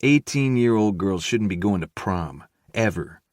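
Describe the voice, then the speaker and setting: Male first-person narrator, low, measured, dry close read. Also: animated, darkish tone, no echo.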